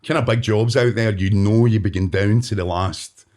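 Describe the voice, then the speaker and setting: A Glaswegian man, an actor guesting on a podcast, telling anecdotes in a relaxed way and acting out his own reactions. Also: fairly low pitch, moderate pace. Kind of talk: anecdotal storytelling.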